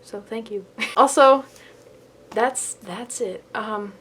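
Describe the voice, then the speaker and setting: A woman's voice: on the high side, slow pace, fairly bright tone, slight background noise. Giggly young woman chatting about books. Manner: giggly, laughs often while talking; rambling, filler-heavy. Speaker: book vlogger. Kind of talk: casual book review chat.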